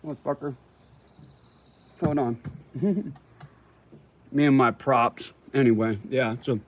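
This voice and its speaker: A man's voice: mid-range voice, slow, slight background noise. A man hosting a casual livestream, answering viewer comments in a profane, slangy way and calling people homie and brother while he chews tobacco. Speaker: livestream host.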